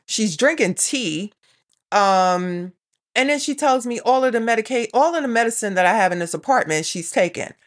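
A woman's voice: on the high side, animated, moderate pace. A middle-aged woman telling a rambling everyday story in a casual vlog, often quoting herself. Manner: chatty, rambling, quotes herself and her daughter. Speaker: vlogger.

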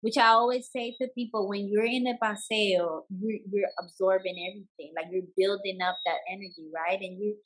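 A woman's voice: medium pitch, fairly even intonation, a little fast, few pauses, poor audio. Woman telling her story. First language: Spanish. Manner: switches into Spanish words, frequent restarts, laughs while telling. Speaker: bomba dancer, interview guest. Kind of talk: casual personal storytelling.

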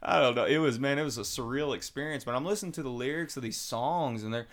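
A man telling his recovery story in casual, animated talk, acting out the voices of people he quotes. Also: mid-range voice, quick pace. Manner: animated, acts out quoted voices, Southern colloquial.

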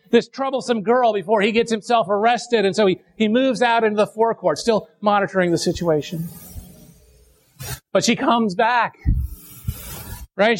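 High-pitched male preacher, sermon delivery, scripture reading mixed with chatty explanation. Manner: reads scripture then explains with conversational asides; restarts and repeats words while explaining.

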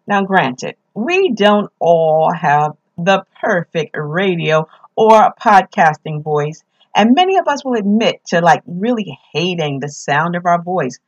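A woman's voice: mid-range voice, dull audio. Upbeat New York woman hosting a podcast. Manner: upbeat, emphatic, repeats key phrases. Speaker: podcast host. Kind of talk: casual podcast tips.

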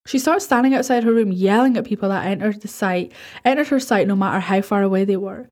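A woman's voice: medium pitch, quick pace, darkish tone. A woman hosting a podcast, casually reading listener horror stories aloud, stumbling and correcting herself and swearing offhand. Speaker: podcast host.

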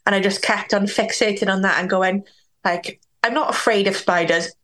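A woman's voice: medium pitch, moderate pace, a bit bright. A young woman from Wales, a podcast guest candidly telling a personal story. She uses many "like"s and acts out what others said. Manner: candid, talks with many "like"s and acts out quoted dialogue.

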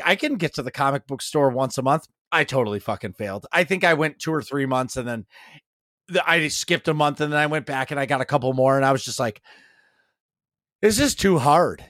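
A man in his thirties co-hosts a casual podcast, rambling along with enthusiasm and dropping quick jokes. His voice sits a little high for a man. The sound is dry and close, with no room echo. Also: fairly bright tone. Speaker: podcast co-host. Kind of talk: casual chat.

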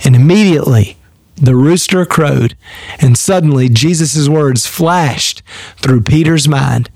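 A male pastor giving a daily devotional, reading scripture and teaching in an earnest, measured way with repeated phrases. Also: on the high side, gravelly, darkish tone, no echo.

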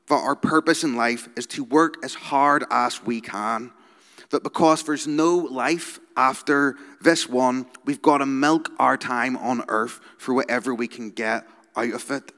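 A man's voice: medium pitch, fairly bright tone, in a large hall. A Northern Irish man, a youth worker, giving an informal sermon-style talk, chatty and conversational, often checking in with the audience. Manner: conversational, keeps checking in with "okay?" and "right?".

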